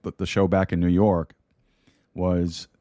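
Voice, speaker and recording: Low, mellow-voiced male pastor preaching. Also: flat delivery, measured pace, no echo, clean studio sound. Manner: earnest, repeats key phrases for emphasis. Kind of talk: podcast sermon. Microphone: studio microphone with mute button.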